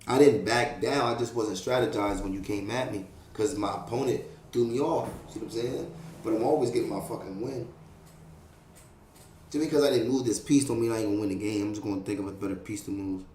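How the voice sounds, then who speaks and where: A man's voice: lowish voice, brisk, a little hiss or hum. Streetwise man telling a story in an echoey room. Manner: streetwise, profane, animated, fillers like "you know what I mean". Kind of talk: casual storytelling.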